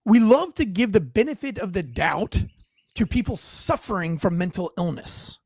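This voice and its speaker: A man in his forties telling a story in casual talk, acting out the people in it with shouts and frequent restarts. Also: high voice, normal speed, slightly rough, dry recording, studio quality. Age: 40s. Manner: animated storyteller who acts out shouted quotes, with frequent restarts.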